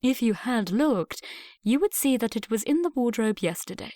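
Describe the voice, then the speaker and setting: A woman's voice: on the high side, animated, moderate pace, dark tone, dry recording, studio quality, lightly acted. A woman voicing a spirited young dressmaker who speaks firmly and plainly. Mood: earnest. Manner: firm, plain-spoken. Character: young English lady, frank and spirited dressmaker.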